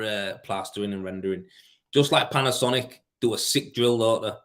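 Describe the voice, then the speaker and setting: A man's voice: on the low side, moderate pace, fairly bright tone. A tired man in his thirties, a plasterer, hosting a casual live stream, reading viewer questions aloud and answering them in laid-back, slangy talk. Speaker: plasterer livestream host.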